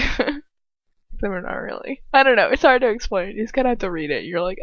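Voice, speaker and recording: A woman's voice: fairly low pitch, lively intonation, a little fast, creaky, no echo, muffled recording. Giggly rambling teenage girl reader. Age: teens. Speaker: audiobook reader. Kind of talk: casual chat and reading aloud.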